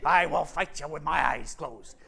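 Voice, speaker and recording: A man voicing a boastful, blustering male lion who loudly challenges others to fight, in a sermon retelling of a storybook scene. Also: a little high, normal speed, vocal fry, slightly rough, full character voice. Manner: loud swaggering challenges.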